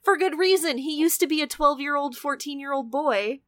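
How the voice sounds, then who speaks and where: Young woman, casual book chat, slightly high voice, dry close sound, animated. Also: normal speed, no room sound. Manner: animated, acts out quotes, swears casually. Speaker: podcast co-host.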